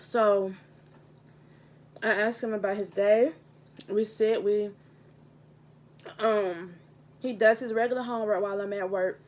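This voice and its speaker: She's a young teacher and vlogger chatting at her home table in a relaxed mukbang vlog, sincere and warm, going back over her points to stress them. Her mid-range voice is steady and somewhat dark, unhurried, with frequent pauses, captured on a handheld camera mic.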